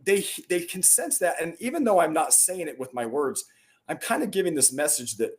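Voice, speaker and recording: Here a middle-aged man appears as a podcast guest, recounting stories in an interview-style conversation. His pitch is on the high side, his intonation lively, and he talks fairly quickly, in an earnest, emphatic manner with surges of rising energy.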